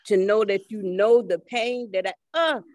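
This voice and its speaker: A guest speaking earnestly and haltingly about faith and gratitude in a casual chat. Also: medium pitch, a little mellow, no echo.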